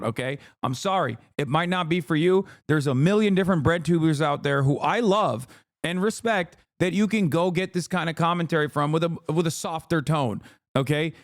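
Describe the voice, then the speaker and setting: A man rants in angry, emphatic commentary, swearing freely. His voice sits somewhat high. The sound is close and dry, with no room around it. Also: moderate pace, no echo. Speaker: streamer reacting to clips. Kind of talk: heated commentary.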